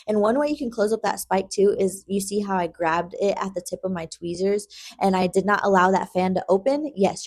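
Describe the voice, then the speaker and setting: In a tutorial vlog mixed with casual chat, a young adult lash artist talks in a slightly mellow, medium-pitched voice. Her tone with the viewer is chatty and relaxed; she calls them "girl" and keeps asking "okay?"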